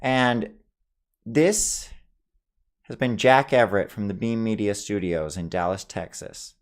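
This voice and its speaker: Man with a fairly low voice, casual and playful, vlogging from a small home studio. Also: measured pace, smooth. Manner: playful, musing aloud over his own pronunciations. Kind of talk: casual accent tag video.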